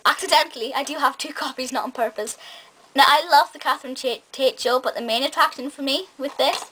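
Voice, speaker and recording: A woman with a high voice chats through a casual review vlog. She gushes with enthusiasm and keeps correcting herself with little laughs. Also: a bit bright, breathy edge, rough recording. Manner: gushing, enthusiastic, self-correcting with small laughs. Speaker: film and TV reviewer.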